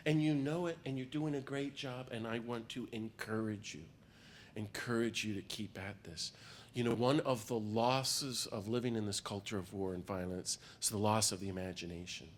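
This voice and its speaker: Passionate priest talking through a cold. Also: male voice, lowish voice, slight background noise. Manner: passionate, emphatic preaching tone. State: has a cold. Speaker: priest and speaker. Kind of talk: public talk to a peace group.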